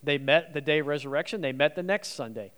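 Male guest preacher, lightly raised pitch, dynamic sermon delivery with loud and hushed moments. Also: fast talker, clean tone. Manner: animated, swinging between loud emphasis and soft near-whispers.

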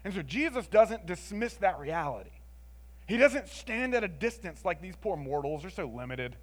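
A man preaching a sermon in an expressive, conversational way, moving between emphatic lines and hushed ones and often adding "like" and "right?". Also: sits high, normal speed.

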